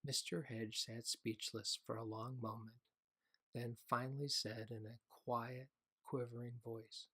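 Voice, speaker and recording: A man narrating a children's audiobook in a slow, gentle reading voice. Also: medium pitch, level tone, breathy edge.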